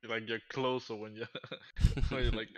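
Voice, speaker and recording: A man's voice: on the low side, level tone, normal speed, crowd noise. A man with a Danish accent and Danish as his first language, making teasing, joking interjections in a casual gaming voice chat.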